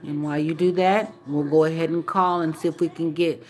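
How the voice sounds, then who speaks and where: Female vlogger, low register, casual and mocking, playfully teasing delivery. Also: fairly even intonation, a little fast. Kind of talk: casual talk to camera.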